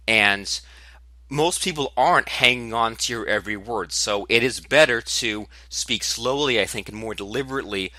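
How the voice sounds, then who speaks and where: A man hosting his own podcast, talking candidly and with animated emphasis about his own speaking habits. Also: on the low side, dry recording. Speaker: podcast host. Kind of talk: solo podcast monologue.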